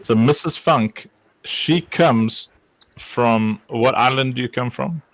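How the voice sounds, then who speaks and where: A man's voice: mid-range voice, takes it slowly, no room sound. Joking man hosting a casual show. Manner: joking, rambling with fillers. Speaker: host. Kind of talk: casual chat.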